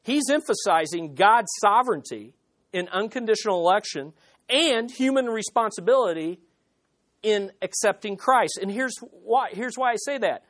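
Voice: mid-range voice, lively intonation, moderate pace, a bit bright. Emphatic preacher asking questions. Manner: emphatic, rhetorical questions, laughs. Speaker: pastor. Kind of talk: sermon.

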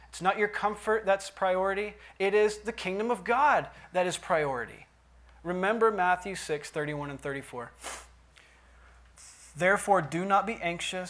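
Man preaching, sermon, fairly high voice, soft asides, loud swells, church. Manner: preaching with big swings from quiet to loud emphasis. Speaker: pastor.

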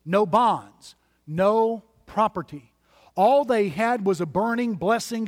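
A pastor with a high voice preaches emphatically, driving his sermon forward with repeated lists. The church sanctuary gives his words a long, ringing reverb.

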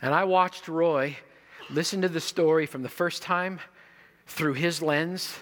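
A male pastor preaching a sermon, telling stories and moving between quiet moments and loud emphasis. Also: fairly high pitch, unhurried.

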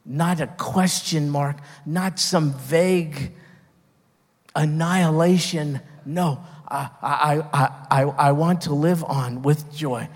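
A man's voice: fairly high pitch, takes it slowly, long reverb tail. A man preaching a sermon, earnest and emphatic, stopping and restarting as he builds his points. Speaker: pastor.

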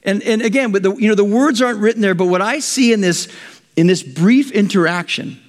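A man preaching a sermon, telling a story with lively acted-out quotes. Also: high-pitched, brisk, long reverb tail. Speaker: pastor.

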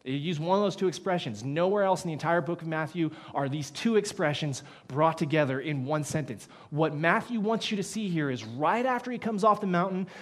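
A man preaching an expository sermon, dramatic, swinging from loud emphatic bursts to hushed low phrases. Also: brisk, few pauses.

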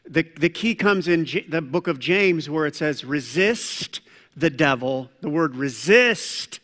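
A man preaching a sermon as pastor, animated, swinging between loud preaching and quiet asides. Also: on the high side, measured pace. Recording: long hall reverb.

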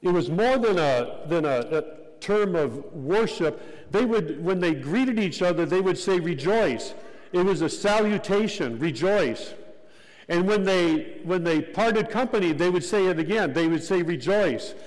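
A man preaching a sermon as pastor, measured and deliberate, repeating key phrases for emphasis. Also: high-pitched. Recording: long hall reverb.

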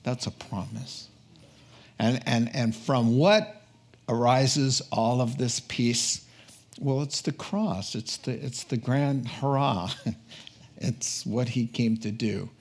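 A man preaching a sermon in a conversational, animated storytelling way. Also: mid-range voice, slow. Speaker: pastor.

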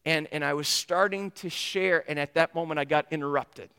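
Pastor, male, fairly high and bright; animated sermon storyteller; long hall reverb. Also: normal speed, smooth. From United States. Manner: animated storyteller who acts out the dialogue he retells.

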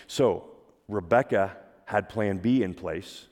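Retelling a story during his sermon, a pastor speaks conversationally and throws rhetorical questions to his listeners. He has a medium-pitched, slightly mellow voice with lively intonation at a normal speed. The recording carries the long reverb of a large hall.

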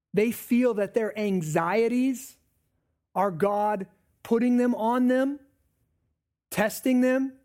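Pastor, man, high voice, animated conversational preaching with acted-out asides. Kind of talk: sermon.

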